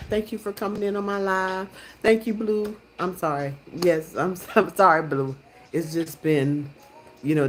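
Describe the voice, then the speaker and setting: A middle-aged woman chats on her live stream, telling a story with lots of restarts and fillers. Her voice sits fairly low, and a faint hum of background noise runs underneath. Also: rough recording. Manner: rambling, animated retelling with many restarts and fillers. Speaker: livestream host.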